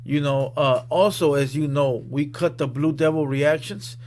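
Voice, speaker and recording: Man, reaction host, casual commentary, blunt, profane, slightly high voice. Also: fairly even intonation, unhurried, a little mellow, slight background noise. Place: studio room.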